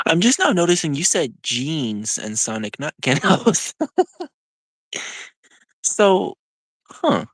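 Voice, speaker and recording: A young adult streamer chatting casually with viewers, rambling with lots of "like" and quick laughs. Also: medium pitch, big pitch swings, fairly bright tone, slightly rough, no echo. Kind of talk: casual live-stream chat, answering viewers.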